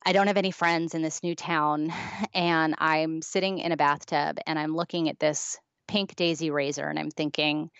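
A woman's voice: low voice, level tone, moderate pace, a bit bright, clean tone, no room sound, dull audio. A woman being interviewed as a guest author, earnestly telling a personal story and acting out the past dialogue.

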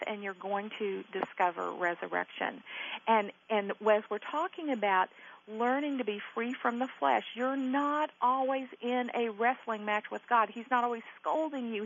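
A woman with a fairly high voice answers a caller as the guest teacher on a Christian radio show. She speaks in an earnest, gently reassuring, pastoral way. The sound is muffled, like a radio broadcast.

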